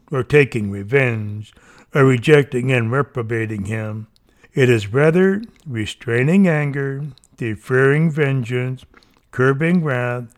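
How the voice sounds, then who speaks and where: Slow, fervent man reading a sermon. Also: medium pitch. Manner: slow, earnest, fervent delivery with rising pleas. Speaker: reader. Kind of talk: reading an old sermon aloud.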